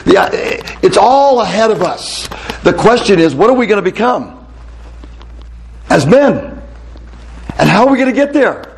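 A middle-aged male pastor giving a lively talk to a room of men, telling stories and putting questions to the crowd. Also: high-pitched, moderate pace, vocal fry, long pauses, slight background noise. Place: hall with a live audience.

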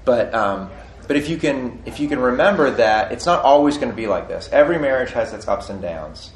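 Man, forties, marriage-advice co-host, halting restarts, echoey room. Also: mid-range voice, expressive. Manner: halting, many restarts, laughs easily. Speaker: podcast co-host. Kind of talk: casual marriage-advice chat. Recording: echoey room with faint noise.

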